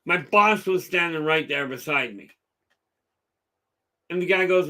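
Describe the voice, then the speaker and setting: Middle-aged male host, casual rambling chat, bright and fairly high-pitched. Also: unhurried, pauses often. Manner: rambling storyteller, lots of fillers. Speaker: live stream host. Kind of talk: casual chat with live chat viewers.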